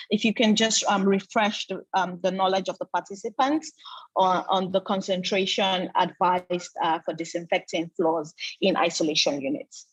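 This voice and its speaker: A woman moderating an online panel and passing questions to the speakers, halting and full of hesitations, on a video-call mic. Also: medium pitch, husky, dry recording, rough recording. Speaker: webinar moderator.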